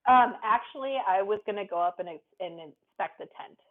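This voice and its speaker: A woman's voice: mid-range voice, animated, a little fast, narrow, tinny audio. A woman playing a tabletop game in a playful, giggly way. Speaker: player. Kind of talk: casual tabletop role-play.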